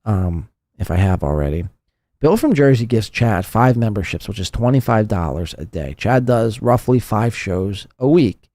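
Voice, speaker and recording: A man's voice: medium pitch, a little mellow, dry recording. A man hosting a live podcast, mocking and profane in casual commentary. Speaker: podcast host.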